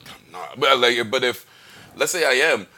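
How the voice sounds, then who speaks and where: A man talks as a podcast guest in casual chat. His voice is bright, and he rambles on while putting himself down. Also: medium pitch, expressive, moderate pace. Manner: rambling, self-deprecating.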